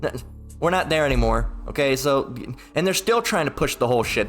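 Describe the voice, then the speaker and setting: A man's voice: medium pitch, animated, a little fast, fairly bright tone, soft background music. A man delivering an angry, profane political rant, full of stumbling restarts as he reacts to an article.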